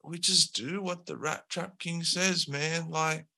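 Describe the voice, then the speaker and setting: A man's voice: a little high, fairly even intonation, slow pace, creaky, pushed and bright, voice pushed up, exaggerated voice. A man voicing a careless young male thug who drawls and keeps saying "man" and "like". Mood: offhand. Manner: drawling, peppers speech with "man" and "like".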